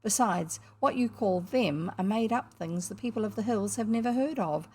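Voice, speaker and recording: A woman reading aloud and voicing Puck, a mischievous ancient male hill sprite, with a lively, breathy, teasing manner. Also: medium pitch, moderate pace, lightly acted. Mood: scornful. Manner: lively, teasing, sing-song when chanting. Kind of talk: storybook reading.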